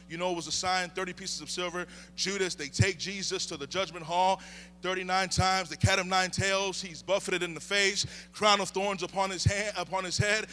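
A middle-aged male preacher giving an animated sermon, calling for amens and swinging between shouts and hushed asides. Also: sits high.

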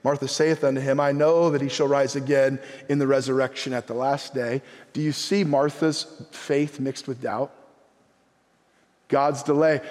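A man's voice: mid-range voice, normal speed, a little mellow. A man preaching a sermon as pastor, reading old-style scripture and then pleading directly with his congregation. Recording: long hall reverb.

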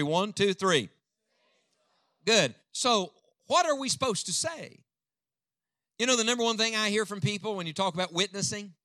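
An older man preaches with a rousing, dynamic delivery and keeps calling on the congregation to answer him. His voice sits high and bright. The sound is dry and close. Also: no room sound. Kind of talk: sermon. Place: church before a live congregation.

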